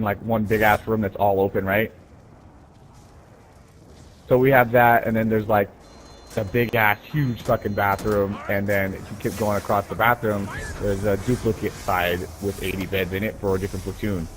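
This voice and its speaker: A man's voice: fairly low pitch, little pitch movement, normal speed, slight background noise, low-quality recording. A man casually telling profane, rambling stories while gaming, often tossing in "right?". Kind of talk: casual storytelling.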